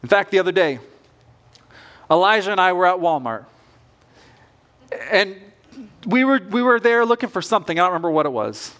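A man's voice: high voice, very animated, a little fast, pauses often, a bit bright. A middle-aged male pastor preaching a sermon in an earnest, conversational way.

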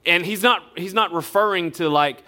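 A male pastor, preaching a sermon in a relaxed, conversational storytelling way. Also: high-pitched, moderate pace. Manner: conversational storytelling, acts out quotes.

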